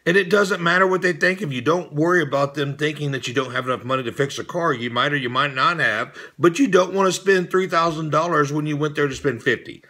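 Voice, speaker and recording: Middle-aged male vlog host, punchy bright delivery, blunt lecturing rant. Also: on the high side, a little fast, hardly any pauses. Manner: direct, lecturing, plain-spoken. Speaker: fitness channel host. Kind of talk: irritated rant to camera.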